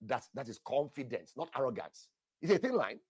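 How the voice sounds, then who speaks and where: Husky, emphatic man preaching a sermon. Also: mid-range voice, brisk, no echo. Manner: animated, emphatic, laughs, repeats phrases, addresses listeners as sir. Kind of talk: sermon with tongues and prayer.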